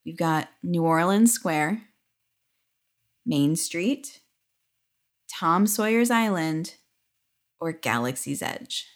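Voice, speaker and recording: Lower-voiced woman quizzing her co-host. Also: lively intonation, slow, long pauses. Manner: upbeat, laughs easily, quizzing her co-host. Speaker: podcast co-host. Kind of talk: casual chat.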